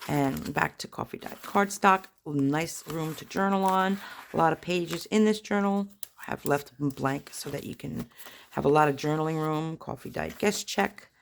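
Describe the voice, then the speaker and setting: A woman with a low, gravelly voice talks casually as she pages through a handmade journal. She rambles and pokes fun at herself, and paper crinkles under faint noise. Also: normal speed. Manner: chatty, rambling, self-deprecating asides. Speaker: junk journal crafter. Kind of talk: casual flip-through narration. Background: paper rustling and crinkling.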